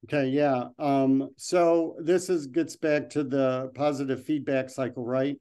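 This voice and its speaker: A man's voice: medium pitch, fairly even intonation, unhurried, warm tone, clean tone. A man giving a slide presentation and then answering questions, talking loosely with frequent ums and restarts.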